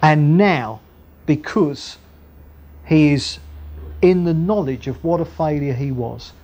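A man preaching a Bible sermon, acting out the voices of the figures he quotes in a lively way. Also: on the high side, slow. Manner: animated, acts out the voices of biblical figures.

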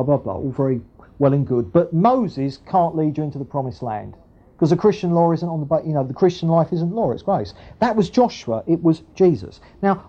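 Lively, mellow male preacher. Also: high-pitched. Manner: conversational, with frequent asides and tag questions. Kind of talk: sermon with Bible reading. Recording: dull lo-fi recording.

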